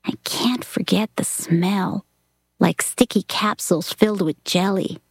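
A woman reads a novel aloud at a slow, unhurried pace. Her delivery is soft and reflective, and some phrases sink to a whisper. The recording is dry and close. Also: medium pitch, creaky, husky, dry recording. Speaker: reader.

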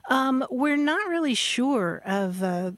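A woman's voice: sits high, big pitch swings, takes it slowly, no room sound. A woman co-hosting a radio show about words, chatting playfully, laughing often and explaining word origins. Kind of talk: casual radio chat.

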